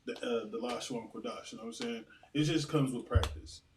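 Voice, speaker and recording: A man's voice: mid-range voice, brisk, recorded from a distance, a little hiss or hum, low-quality recording. A man chatting casually at a religious service, speaking loosely and conversationally as he shares his experience. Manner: relaxed, conversational, loose phrasing with fillers.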